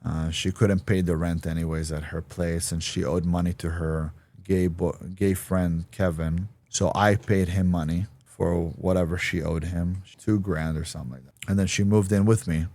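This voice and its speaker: A man's voice: deep voice, fairly even intonation, normal speed, a little mellow. A man giving an interview, telling a personal story bluntly and acting out the voices of people he quotes. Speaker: interview guest.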